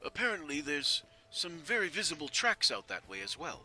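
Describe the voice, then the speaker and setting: Man playing an anxious halting miller. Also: a little high, very animated, sharp tone, soft background music, pitched above the performer's own voice, exaggerated voice. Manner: halting, hesitant. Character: anxious village miller, middle-aged man.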